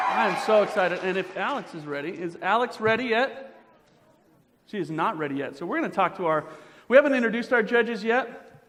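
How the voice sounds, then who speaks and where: A man emceeing a pageant, joking playfully and quizzing the audience as he warms up the crowd. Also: sits high. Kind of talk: crowd warm-up banter. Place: large indoor auditorium. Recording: reverberant hall with crowd noise.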